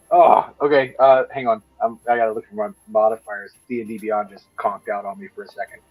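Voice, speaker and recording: A man playing a tabletop game, chatting casually, excitable and quick to laugh. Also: lowish voice, dry recording, soft background music, rough recording. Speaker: player.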